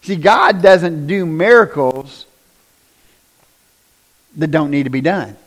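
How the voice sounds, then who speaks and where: High-pitched male preacher, conversational sermon, questions to the congregation, loud emphatic peaks. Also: lively intonation, takes it slowly. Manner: asks the congregation questions often. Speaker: pastor.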